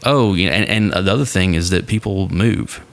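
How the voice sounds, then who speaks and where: A podcast co-host with a deep, resonant, clear voice talks briskly in a casual chat, rambling with many fillers and restarts. He's in a home studio with his dog nearby.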